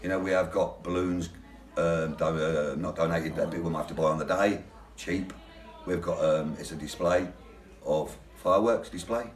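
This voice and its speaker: A man organizing a demonstration answers interview questions earnestly and resolutely, often pausing with fillers. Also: deep voice. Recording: echoey room, distant mic.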